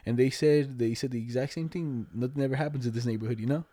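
A young man rattles off a rambling story at a fast clip, full of slang and cursing. His voice is dark and mellow, and the recording is dry and close. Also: medium pitch, no echo. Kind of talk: casual chat.

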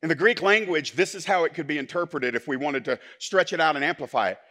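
A male pastor, preaching a sermon that swings from soft, low asides to loud, forceful declarations. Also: quick pace.

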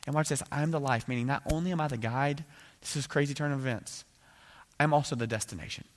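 A man's voice: fast, slight background noise. A male pastor preaching a sermon in a casual, conversational way, acting out dialogue with bursts of rising energy. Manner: animated, acts out biblical dialogue with rising pitch and volume.

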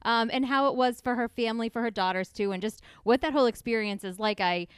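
A woman's voice: on the high side, quick pace, clean tone, dry recording, clean studio sound. A woman hosting an interview, asking curious questions and reacting with encouragement. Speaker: interviewer host. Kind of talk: conversational interview.

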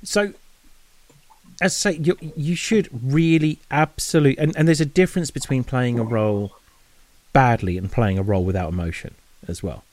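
A man's voice: medium pitch, normal speed, darkish tone, dry recording. Chatty man talking about films. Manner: chatty, with many restarts and filler words. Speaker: podcast co-host. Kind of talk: casual film review chat.

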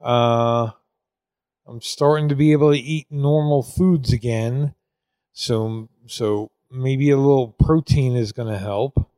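Sick, drowsy man, podcast co-host, very slow, dry close sound. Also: medium pitch, steady tone, dark tone, clear, resonant tone, no echo. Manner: tired, slow, worn-out talk. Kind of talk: casual podcast chat.

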